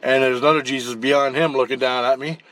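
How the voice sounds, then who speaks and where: A man's voice: medium pitch, fast talker. A man telling a long dream story in a casual, rambling way, blunt and profane, with frequent restarts and repeated words. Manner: animated, acting out the action as he tells it. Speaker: channel host recounting spirit-world dreams.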